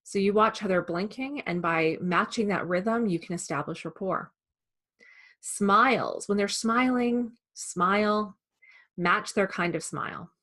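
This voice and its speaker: A woman who trains salespeople, giving a calm, measured instructional talk. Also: mid-range voice. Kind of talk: instructional presentation.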